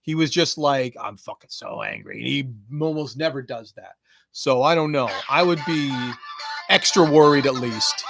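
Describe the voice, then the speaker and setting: A man's voice: a little high, a little slow, fairly bright tone, faint music behind. A man hosting a late-night video stream, chatting casually, rambling and joking as he answers comments from live chat. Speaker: livestream host.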